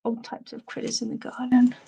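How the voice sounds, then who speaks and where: A woman's voice: fairly high pitch, monotone, brisk, creaky, warm tone, breathy edge. An Australian woman hosting a casual live chat, chatty and giggly as she reads out comments. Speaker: host of a live chat show.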